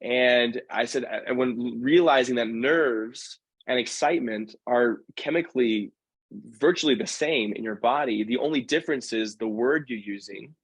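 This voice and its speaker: A man tells stories as a podcast guest, lively and relaxed, restarting phrases as he goes. His voice is in the middle of the male range, and the recording is close and dry. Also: mid-range voice, slightly rough, no room sound. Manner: animated, acts out quoted voices, quick self-corrections. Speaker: guest, professional dancer. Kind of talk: casual storytelling in a podcast conversation.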